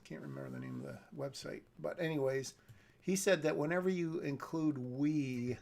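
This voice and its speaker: A man's voice: on the high side, expressive, moderate pace, vocal fry, a little mellow. A man reading a screenplay on a live stream and thinking aloud about it, often hedging and correcting himself. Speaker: script reader giving feedback.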